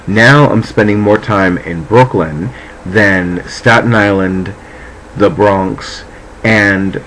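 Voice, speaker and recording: Chatty lower-voiced man, home vlog, meandering, faint background hiss. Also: takes it slowly, a bit bright, low-quality recording. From New Jersey. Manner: chatty, meandering, swears freely. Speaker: vlogger, psychic. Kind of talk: casual rambling chat to camera. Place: at home, indoors.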